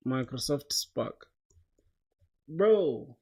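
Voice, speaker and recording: A man's voice: mid-range voice, a little slow. A young man livestreaming while he codes, chatting loosely with viewers in slang. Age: young adult. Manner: loose, slangy, talks to chat, says bro a lot. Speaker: coding livestreamer. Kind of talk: casual livestream chat while coding.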